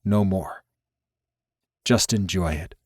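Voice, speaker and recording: A man voicing a wounded, dominant male lover, speaking in low, firm, clipped commands with a hushed growl. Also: takes it slowly, husky, no echo, studio quality, full character voice. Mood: low, commanding.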